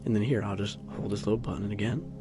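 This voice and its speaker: A man with a slightly low voice rambles casually into a tabletop microphone in a carpeted room at home. He drifts along with plenty of fillers and restarts, and soft music plays faintly behind him. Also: steady tone, quick pace. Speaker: vlogger. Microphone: tabletop USB microphone, close, with headphones on.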